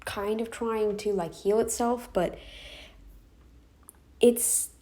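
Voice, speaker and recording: A woman's voice: fairly high pitch, steady tone, slow, mellow. A tired, tearful woman venting in a personal vlog from her bedroom, sighing and restarting as she talks. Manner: upset, venting, with restarts and sighs. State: tearful, exhausted. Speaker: vlogger. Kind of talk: emotional personal vlog rant. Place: bedroom, indoors.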